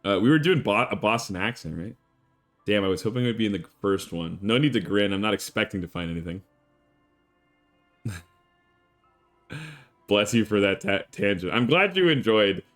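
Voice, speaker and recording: A man streaming a game, chatting casually with an animated, rambling storytelling manner. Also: fairly low pitch, moderate pace, pauses often. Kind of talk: casual chat while playing a game. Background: faint game music.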